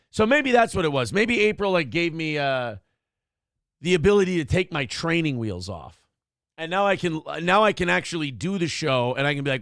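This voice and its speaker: A man's voice: a little high, big pitch swings, a little fast, creaky, fairly bright tone, dry recording, studio quality. A man hosting a morning show, chatting casually in a rambling, self-deprecating way and reading chat comments aloud. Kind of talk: casual live-stream chat.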